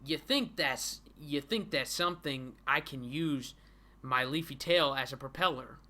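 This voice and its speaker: A man voicing a boastful cartoonish male hedgehog-like creature hero, reading its lines in an excited, shouty, giggly way. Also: on the high side, measured pace. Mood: hyped boastful.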